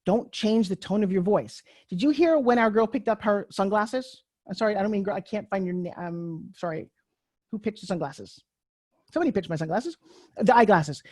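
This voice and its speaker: A woman in her sixties giving a live online class as a pitch coach, in a chatty, joking, candid storytelling way over a video call. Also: expressive, normal speed, darkish tone, dry recording, clean studio sound. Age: 60s.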